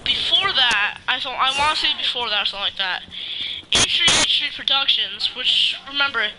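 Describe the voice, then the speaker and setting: A man's voice: very high-pitched, lively intonation, normal speed. A man, a gaming YouTuber, ranting casually in a vlog, rambling with lots of restarts and fillers and swearing now and then. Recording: noisy background hum.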